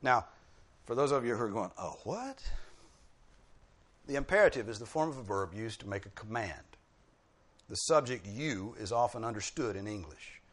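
A man's voice: fairly low pitch, animated, fairly quick, fairly bright tone. A man preaching a sermon, explaining points like a teacher and punching key words with dry humorous asides.

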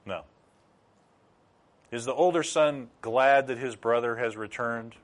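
A man's voice: mid-range voice, unhurried. A middle-aged man preaching a sermon as pastor, teaching through rhetorical questions.

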